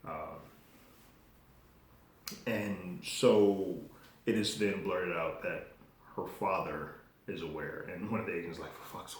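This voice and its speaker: A man hosting a show, giving a casual, animated recap and review of a TV episode, acting out the characters' lines and swearing freely. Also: low voice. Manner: animated retelling with acted-out quotes, swears, loose restarts. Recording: very echoey room, faint noise.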